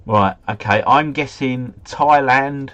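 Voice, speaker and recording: With a low, husky voice captured in lo-fi sound, a man chats on a live stream as he plays a geography guessing game. He mutters asides, swears mildly, and gets flustered easily.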